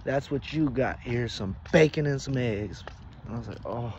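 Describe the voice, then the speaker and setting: A man telling a comic story, acting out each character's lines and breaking into sudden loud outbursts. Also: medium pitch, moderate pace. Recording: dull lo-fi recording with faint noise.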